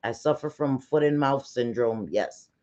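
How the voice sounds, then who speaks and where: A woman's voice: a bass voice, unhurried, mellow. A middle-aged woman from New York with a New York accent, hosting a casual livestream chat in a blunt, chatty way and cursing freely. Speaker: livestream host. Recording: slightly dull lo-fi sound.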